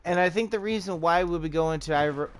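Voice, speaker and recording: A man's voice: fairly high pitch, fairly quick, clean tone. Man, from the US, livestreamer, casual profane rambling talk, frequent restarts. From United States. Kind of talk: casual rambling commentary while gaming.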